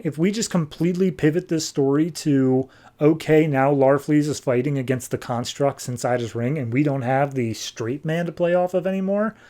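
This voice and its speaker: Guy on a comics podcast retelling a story, jumping into quick character voices. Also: on the high side. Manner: animated retelling, acting out characters' lines in passing. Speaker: podcast co-host recapping comics. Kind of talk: casual comic book recap with quick character quotes. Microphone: podcast microphone.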